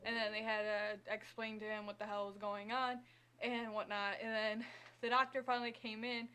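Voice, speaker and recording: A woman's voice: medium pitch, flat delivery, normal speed, sharp tone, clear, resonant tone, soft background music. Rambling woman vlogger telling a story. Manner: rambling, lots of "like" fillers and sighs. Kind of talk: casual personal storytelling.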